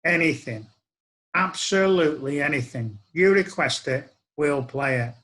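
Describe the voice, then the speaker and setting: A man's voice: a little high, a little slow, bright, forceful tone. A man voicing a cheerful young man who boasts about his out-of-tune band.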